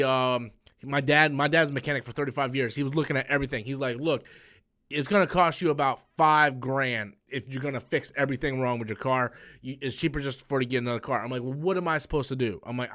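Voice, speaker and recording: A man's voice: mid-range voice, a bit bright. A young man, hosting a live stream and telling a long story in casual chat, full of fillers and restarts. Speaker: comics channel host.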